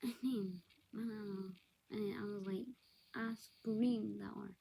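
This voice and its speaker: A woman's voice: mid-range voice, steady tone, unhurried, gravelly, dark tone, husky, poor audio. A young woman telling personal family stories in a casual vlog, often dropping to a whisper and correcting herself as she goes. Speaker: vlogger.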